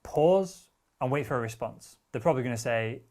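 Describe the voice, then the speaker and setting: A man's voice: mid-range voice, animated, normal speed, darkish tone. A man teaching sales techniques in a direct, assertive coaching manner, with casual wording and the odd curse word. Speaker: sales trainer. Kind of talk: instructional talk.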